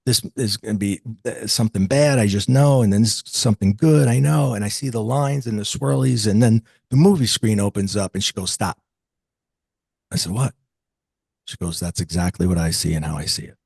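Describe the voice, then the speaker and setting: Husky-voiced man telling a wild story. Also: lowish voice, a little fast, no room sound. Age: 40s. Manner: animated, acts out quoted dialogue. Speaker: interview guest. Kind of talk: conversational storytelling.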